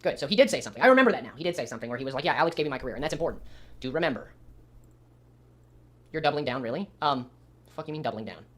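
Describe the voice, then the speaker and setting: A man's voice: medium pitch, animated, a bit bright. A man on a replayed livestream, talking to chat in a rambling, defensive way. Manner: defensive, rambling, fast talk. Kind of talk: rambling live stream talk, reading chat.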